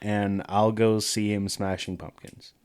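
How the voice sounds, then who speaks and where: Laid-back, low-voiced player. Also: male voice, little pitch movement, measured pace, darkish tone, smooth. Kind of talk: playing a tabletop game.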